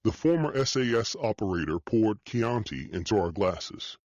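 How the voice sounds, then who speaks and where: A man narrating an audiobook in the first person, steady and measured. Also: lowish voice, no echo, highs cut off.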